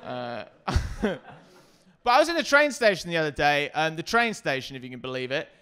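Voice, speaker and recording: A man doing a stand-up comedy set, self-deprecating and hesitant with many ums, sometimes breaking into loud shouted bits. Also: on the high side, big pitch swings, normal speed.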